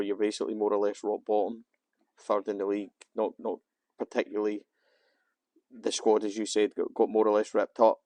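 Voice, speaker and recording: A man hosting a podcast, asking a guest steady, leading questions in an office. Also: fairly low pitch, dry recording. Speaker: podcast host, interviewer.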